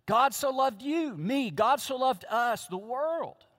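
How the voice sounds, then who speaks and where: A man's voice: extremely high pitch, expressive, takes it slowly, fairly bright tone. A man preaching a sermon from the pulpit, emphatic and repeating his key phrases. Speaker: pastor. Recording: long reverb of a large hall.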